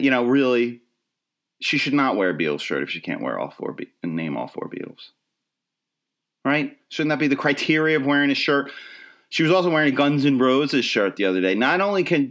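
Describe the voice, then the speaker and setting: A middle-aged man hosts a solo comedy podcast, wandering from thought to thought with wry, self-mocking asides. His pitch swings widely and animatedly while staying in an ordinary middle range. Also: a bit bright. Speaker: podcast host.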